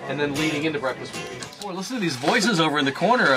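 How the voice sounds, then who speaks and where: A man's voice: a little high, lively intonation, very fast, over music. A man hosting a live morning radio show in a studio, chatty and upbeat, with filler words. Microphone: studio microphone.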